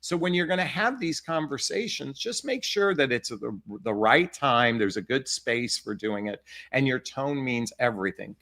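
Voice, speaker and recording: A man's voice: mid-range voice, expressive, moderate pace, a bit bright. A man giving dating advice as a coach, emphatic and repeating his key phrases. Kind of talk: advice talk to camera.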